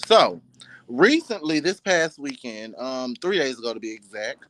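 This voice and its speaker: A man's voice: medium pitch, expressive, unhurried, a bit bright, low-quality recording. A man hosting a casual talk show, playful and sassy, his voice jumping up for emphasis. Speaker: host. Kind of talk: casual chat.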